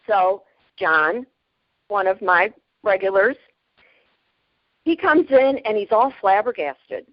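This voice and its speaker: A woman in her fifties, a podcast guest, telling stories in a lively, plainspoken way, often breaking into laughter. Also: medium pitch, slow, no room sound, highs cut off. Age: 50s. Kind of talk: casual storytelling.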